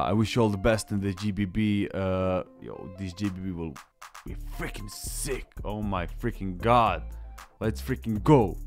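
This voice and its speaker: A man hosting a beatbox reaction video in hyped, slangy casual commentary. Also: low voice. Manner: hyped, slangy, says "yo" and "bro" often. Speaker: beatbox reaction channel host. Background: faint music from the reacted video.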